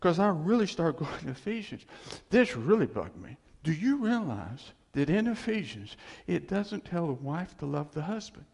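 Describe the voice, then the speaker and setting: Gravelly, animated man in a big hall. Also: a little high, moderate pace. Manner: animated, chuckling storyteller. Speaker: church speaker sharing testimony. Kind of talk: personal testimony to a congregation. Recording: long reverb of a large hall.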